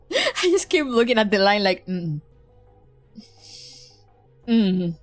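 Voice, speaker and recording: A woman's voice: mid-range voice, big pitch swings, extremely slow, no echo, soft background music. A woman streamer giving casual, giggly commentary while reading through a story game. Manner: giggly, reacts with frequent laughter.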